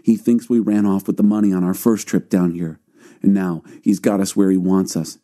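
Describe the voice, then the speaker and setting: A man's voice: low voice, steady tone, moderate pace, warm tone, lightly acted. A man reading the anxious, defensive words of a group of grown brothers. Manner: worried, defensive.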